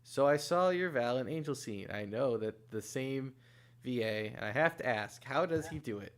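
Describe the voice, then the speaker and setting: A man's voice: medium pitch, animated, moderate pace. A man hosting a stream, reading out viewer questions in an easygoing way with filler words. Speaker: stream host.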